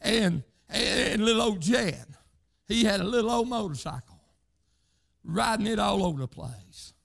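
An older preacher man with a gravelly, fry-laden voice that sits high for a man. He delivers a fervent sermon, tossing in "hey" again and again and breaking out into shouts. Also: lively intonation, moderate pace.

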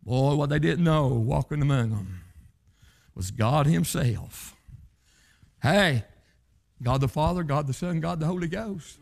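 A high, gravelly male voice, preaching a revival sermon. He swings wildly in pitch, climbing into shouted, chanting phrases before dropping to a low, quiet tone. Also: animated, measured pace, long pauses.

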